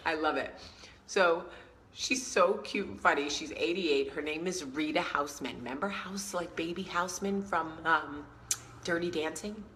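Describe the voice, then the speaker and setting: This is a woman telling a story in a casual vlog, her voice sitting low in pitch. Her tone is bright and forceful, and she acts out the people in her story as she goes. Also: normal speed, a little hiss or hum, low-quality recording. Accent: New York. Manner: chatty, animated storyteller who acts out quotes. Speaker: vlog host.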